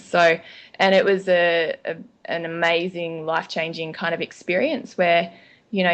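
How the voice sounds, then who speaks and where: An Australian woman in a relaxed interview, chatting freely and filling pauses with ums. Her voice sits a little low for a woman. She restarts sentences often as she tells her story. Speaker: guest. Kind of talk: casual interview chat.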